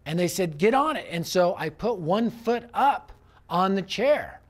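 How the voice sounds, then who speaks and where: A middle-aged youth evangelist tells a personal story as a sermon, speaking expressively at a measured pace. He acts out voices and drops low and quiet when making serious points.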